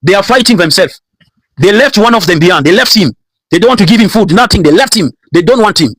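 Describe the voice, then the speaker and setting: Guy preaching a sermon, husky kinda high voice, repeats lines over and over, dry close sound. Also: animated, quick pace, a bit bright, dry recording, rough recording. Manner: preaching with repetition and rising emphasis. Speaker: pastor.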